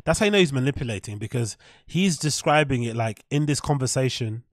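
A man's voice: mid-range voice, lively intonation, fairly quick, no room sound, studio quality. A man streaming casual commentary, sarcastic and mocking, breaking into laughs as he reacts to a podcast clip.

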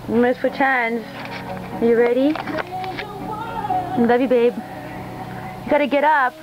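A woman's voice: fairly high pitch, steady tone, takes it slowly, pauses often, highs cut off, crowd noise. A woman filming a casual vlog in a hotel room, talking in a cooing, doting way to her cat and laughing often. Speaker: vlogger and cat owner. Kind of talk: casual home-video vlog.

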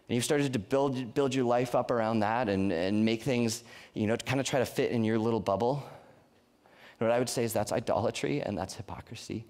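A man's voice: medium pitch, brisk, a little mellow. A young man preaching a youth sermon in an earnest, conversational way, often restarting his sentences. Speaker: youth pastor.

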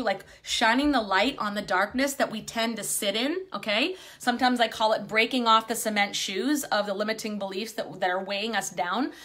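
A woman's voice: a little high, a bit bright. A woman in her fifties, a spiritual coach, talking casually to camera, candid, with plenty of swearing and fillers. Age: 50s.

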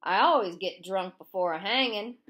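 A woman reading a storybook aloud, voicing a drunk, leering small-town male sheriff in a slow drawl. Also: mid-range voice, a bit bright, close to an everyday voice. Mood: taunting.

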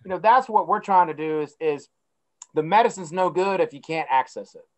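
A man who is a company head, speaking as a guest in a casual interview and explaining his views in a steady, mission-driven way. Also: a little high, a little fast, low-quality recording.

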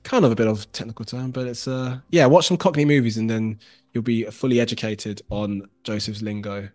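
A man's voice: medium pitch, brisk, darkish tone. A man with a London accent hosting a live stream, encouraging his guest and reading out viewer comments. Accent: London English. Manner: upbeat, encouraging, reads out chat. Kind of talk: live-stream co-host chat.

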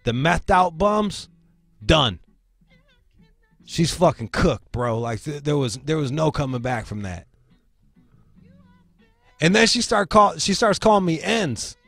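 A man's voice: a little high, slow pace, gravelly, pauses often, no echo, soft background music. Profane rambling man telling a story. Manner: profane, rambling, animated retelling. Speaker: show host. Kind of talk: casual storytelling.

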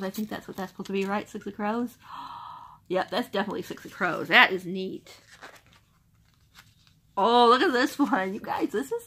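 A young woman unboxing a book subscription box in casual chat, gushing and excitable. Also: medium pitch, slight background noise. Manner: gushing, excitable, repeats "oh my gosh".

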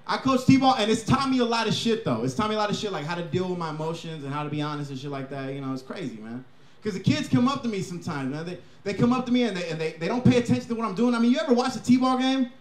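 A brash male stand-up comedian with a profane, punchy delivery. His voice sits high and swings up and down as he riffs. The live club recording is roomy and echoey. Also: lively intonation, rapid-fire.

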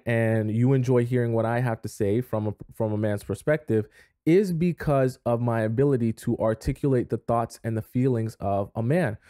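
A man's voice: medium pitch, mellow, no echo, studio quality. A man giving relationship advice straight to his viewers in an emphatic, conversational way, acting out little scenes. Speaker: dating advice host. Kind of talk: direct-to-camera advice talk.

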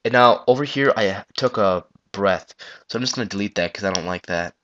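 A man talking through a casual software tutorial on a gaming headset, rambling loosely and swearing now and then. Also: lowish voice, brisk, highs cut off. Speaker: tutorial maker.

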